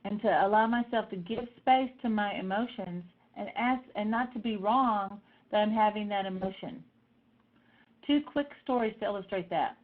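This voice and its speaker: A middle-aged woman telling personal stories in a lively way, acting out the voices of the people she quotes. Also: mid-range voice, normal speed. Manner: animated, acts out voices in quotes. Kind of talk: personal storytelling talk. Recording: tinny phone-like sound.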